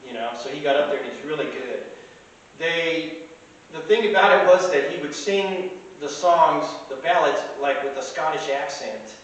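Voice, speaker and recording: A man's voice: fairly high pitch, moderate pace, a bit bright. Rambling man in an echoey room. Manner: rambling, with frequent fillers and restarts. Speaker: podcast host. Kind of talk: casual anecdotal storytelling. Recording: very echoey room, mic at a distance, faint hiss.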